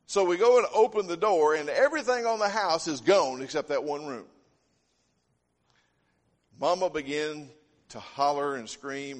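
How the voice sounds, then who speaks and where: Preacher guy, kinda high voice, folksy stories, big hall echo. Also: moderate pace, pauses often. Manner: folksy storytelling, homespun phrasing. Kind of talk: sermon. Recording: long hall reverb.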